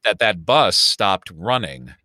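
Bright-voiced man with a Chicago accent. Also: sits low, slow pace, dry recording, studio quality. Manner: storytelling, animated, swears freely. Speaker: podcast co-host. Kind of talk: casual chat.

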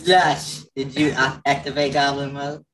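A man's voice: medium pitch, little pitch movement, a little slow, a crowd in the background. Man, podcast co-host, joking and teasing, restarts a lot; slightly distant mic, noisy background. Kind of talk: casual podcast banter.

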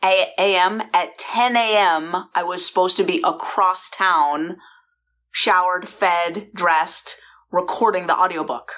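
A low-voiced woman from San Francisco tells a personal story straight to the listener. She talks chattily, restarting sentences and adding asides as she goes, recorded in a bedroom. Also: slow pace, a bit bright. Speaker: founder and host.

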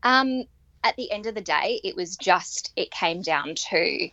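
Woman in her thirties, earnest, halting, dry and dull lo-fi sound. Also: lowish voice, animated, bright, forceful tone, no echo. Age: 30s. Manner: earnest, halting with many ums and restarts. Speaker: guest. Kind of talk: personal storytelling in podcast interview.

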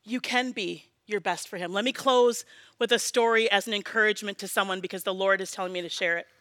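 A woman in her forties preaching a sermon as pastor, earnest and personal, often dropping to a soft prayerful hush. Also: medium pitch, steady tone, fast talker, no echo. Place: church sanctuary.

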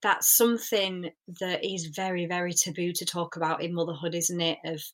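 Earnest woman, lowish voice. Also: steady tone, normal speed, a bit bright. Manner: earnest, reflective, many fillers. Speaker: spiritual coach guest. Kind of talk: podcast interview.

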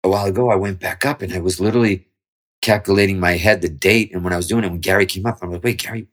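A man with a deep, low voice talks quickly as a guest in a relaxed interview. He rambles through a story and swears freely. He often starts his sentences over. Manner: rambling, profane, with frequent restarts. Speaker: guest musician.

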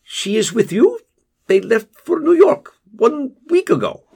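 A man voicing a stilted, evasive man on a phone call who speaks in a flat, formal way. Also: very high voice, unhurried, gravelly, breathy edge, pitched above the performer's own voice, heavily acted.

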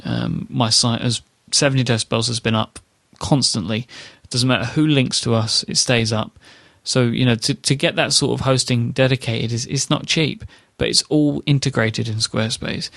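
Male podcast host, mid-pitched, eager sponsor-read delivery, dry studio sound. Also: vocal fry, a bit bright, no echo. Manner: chatty, enthusiastic ad read with fillers. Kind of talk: casual podcast chat with ad read.

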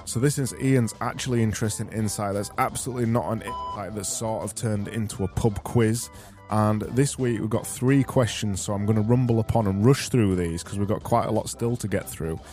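A man's voice: on the low side, brisk, dark tone, soft background music. A man with a Barnsley accent hosting a solo podcast, rambling and self-mocking as he reads out quiz questions. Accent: Barnsley, Yorkshire. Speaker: podcast host.

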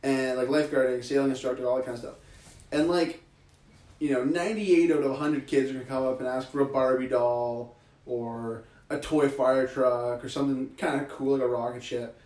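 A man's voice: mid-range voice, steady tone, a little fast, a little mellow, distant mic. A man co-hosting a podcast who talks in casual, jokey chat and fills his sentences with "like". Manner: chatty, jokey, says "like" a lot. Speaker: podcast co-host. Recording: echoey room, set back from the mic.

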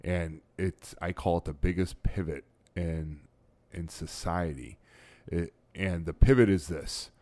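A middle-aged man hosting a podcast, telling stories in animated, laughing bursts with frequent restarts. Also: low voice, unhurried, no room sound. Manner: animated storyteller, laughs often, stumbles and restarts. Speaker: podcast host. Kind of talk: casual podcast chat.

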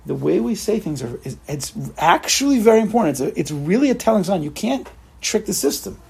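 A man leading an informal religious study group, animated and repetitive, acting out examples for his listeners. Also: high-pitched, brisk, creaky, slightly rough. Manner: animated, repeats himself, acts out examples. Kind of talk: informal religious class talk.

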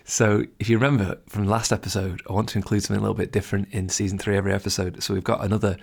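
Man, podcast host, low gravelly voice, earnest, encouraging, casual advice monologue. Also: little pitch movement, racing. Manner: earnest and encouraging, speaks straight to the listener.

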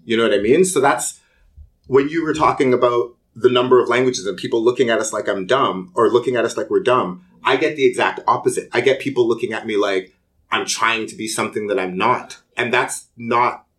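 A man's voice: mid-range voice, brisk, a bit bright. A man and college student talking earnestly and with emphasis in a casual round-table chat. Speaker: student club member.

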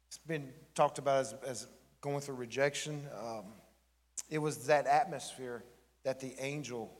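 A man's voice: mid-range voice, a bit bright, long reverb tail. A man pastor giving a sermon in a church, joking and chatting with the congregation. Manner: joking, conversational preaching with the congregation. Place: church sanctuary.

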